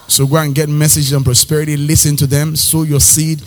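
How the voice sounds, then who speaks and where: A man preaching a sermon in a Nigerian accent, animated, acting out little scenes and slipping into pidgin phrases. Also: on the high side, fairly quick, few pauses. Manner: animated preaching, acts out characters, slips into pidgin. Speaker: pastor.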